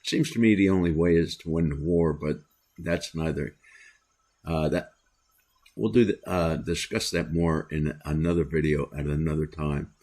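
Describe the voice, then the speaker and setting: An older American man hosting a solo commentary, talking in a deliberate, opinionated way with many "uh" pauses. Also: extremely low pitch, steady tone, darkish tone. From United States. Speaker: commentary host.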